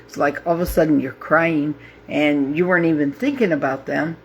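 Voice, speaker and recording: A woman in her fifties hosting a grief support group, talking live to viewers in a halting, heartfelt way with many pauses and fillers. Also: sits low, steady tone, slightly rough. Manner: heartfelt, openly emotional. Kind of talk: live casual talk to viewers.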